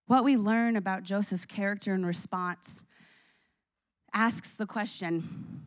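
A young adult woman preaching, retelling scripture in a lively storytelling way. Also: mid-range voice, slow, no room sound. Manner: storytelling, acts out scripture figures with rising intensity. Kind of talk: sermon.

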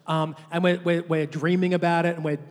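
A man preaching a sermon as pastor, animated, often restarting and repeating words as he leads the congregation in call-and-response. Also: fairly high pitch, brisk. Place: large church hall. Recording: long hall reverb.

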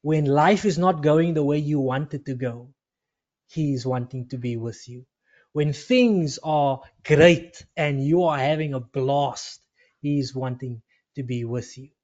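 A man's voice: a little high, unhurried, a little mellow. Earnest preacher man, dull lo-fi sound. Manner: earnest, storytelling, repeats phrases for emphasis. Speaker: pastor. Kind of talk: sermon.

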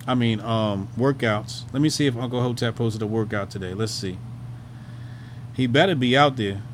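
A man's voice: medium pitch, moderate pace, a little hiss or hum. A man hosting a commentary show, talking in a loose, rambling way, swearing freely and trailing off into fillers. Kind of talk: casual profane commentary.

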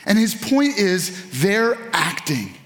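A man preaching in a high voice, his sermon animated as he reads scripture and speaks straight to the people in front of him. He calls on them to answer back and swings from quick runs of words to slow, stressed phrases. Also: roomy sound. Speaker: pastor.

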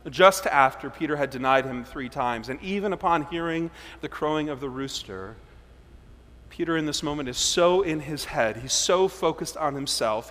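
A man preaching a sermon as pastor, swinging between loud emphasis and hushed, low passages. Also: long reverb tail.

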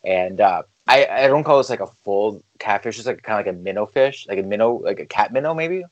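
A man in a casual chat, joking around and cutting in with quick questions. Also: lowish voice, lively intonation, no echo, highs cut off.

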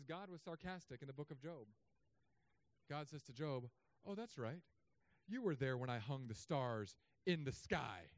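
A man preaching a sermon as pastor, in his thirties, with humorous, sarcastic asides and animated swings in delivery. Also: on the high side, dry recording.

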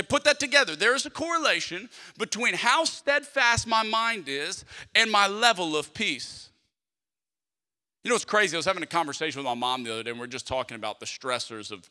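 Bright-voiced pastor preaching in a reverberant church. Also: male voice, high voice. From South Louisiana, US. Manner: emphatic preaching with repeated phrases and rhetorical questions. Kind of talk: sermon. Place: church sanctuary. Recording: long hall reverb from a church sanctuary.

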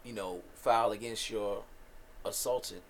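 A man's voice: fairly low pitch, fairly even intonation, moderate pace, slight background noise. A man hosting a podcast in loose, profane, joking casual chat. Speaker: podcast host.

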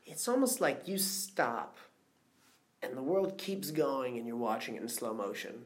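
A man's voice: medium pitch, expressive, measured pace. Curious, empathetic male interviewer. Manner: curious, empathetic questioning with easy laughs. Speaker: interview host. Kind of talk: conversational interview.

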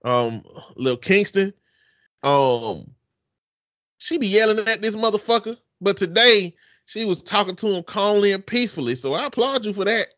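A man's voice: high voice, expressive, moderate pace, fairly bright tone, dry recording, lo-fi sound. A man co-hosting a casual podcast, telling stories in a joking, profane way. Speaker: podcast co-host.

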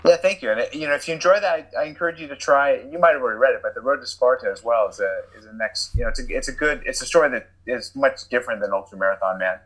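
A man talks casually as an interview guest, often breaking into laughter. He pokes fun at himself in an easygoing, relaxed way. His voice sits at an ordinary middle pitch. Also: very fast, hardly any pauses, rough recording. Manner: laughs often, self-deprecating. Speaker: guest, endurance athlete.

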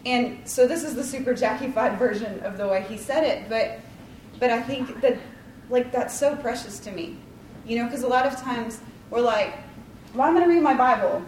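A woman's voice: fairly high pitch, moderate pace, darkish tone, a little hiss or hum. Chatty woman teaching in a roomy space. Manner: chatty, rambling, full of likes and ums, self-deprecating. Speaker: Bible study leader. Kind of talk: casual devotional talk. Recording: roomy, distant mic, faint ambience.

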